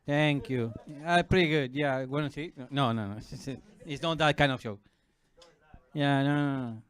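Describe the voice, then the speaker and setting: Performing stand-up in a comedy club, a man from Argentina speaks in a measured pace with an Argentine Spanish accent. His delivery is animated, and he slips into shrill, high-pitched silly voices.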